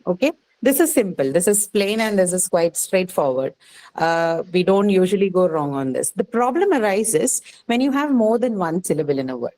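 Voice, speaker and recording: A woman with an Indian English accent teaches a phonetics class. She explains rules step by step, pauses to quiz her students, and keeps checking in with "right?" and "okay.". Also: lowish voice, big pitch swings, darkish tone, poor audio. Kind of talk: classroom lecture.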